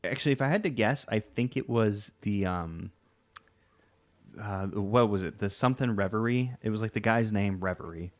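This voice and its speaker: A man's voice: fairly low pitch, moderate pace. A man hosting a let's play, giving casual gameplay commentary and thinking aloud in a rambling way full of fillers.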